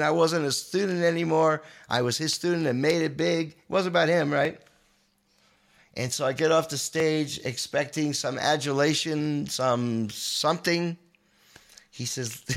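Man, 60s, podcast guest, emotional storytelling, animated, manic, repeats words. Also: fairly high pitch, gravelly. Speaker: guest guitarist.

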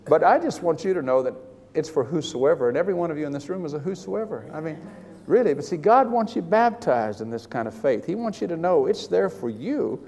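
A man preaching a sermon to a room of listeners, animated, swinging from hushed asides to loud emphatic bursts. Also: on the high side, fairly quick, vocal fry. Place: large hall with an audience. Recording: long hall reverb.

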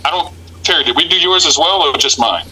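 A man, a guest singer, talking relaxed and appreciative in a radio interview. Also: on the high side, fast talker, slightly rough, rough recording. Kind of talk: casual radio interview chat.

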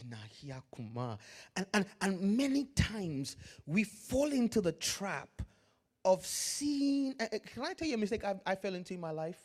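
Pastor preaching, higher voice, pitch jumping all over, loud then quiet. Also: male voice. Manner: dramatic swings from loud to hushed, Nigerian Pidgin asides. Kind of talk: sermon.

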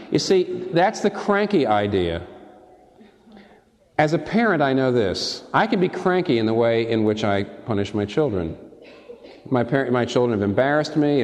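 Emphatic preacher man with lively pitch. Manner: emphatic, repeats key words. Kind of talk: sermon. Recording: long hall reverb.

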